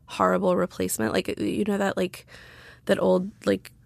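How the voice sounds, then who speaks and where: A woman's voice: medium pitch, level tone, moderate pace, gravelly, dry recording. A woman telling a story in casual podcast chat, chatty with many fillers and sarcastic asides. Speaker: guest, writer.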